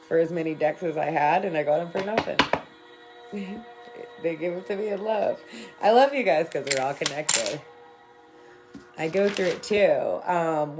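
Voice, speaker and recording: A woman's voice: lowish voice, a little mellow. A woman talking casually on a tarot livestream, loose, affectionate and profane, rambling through spiritual encouragement. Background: faint music.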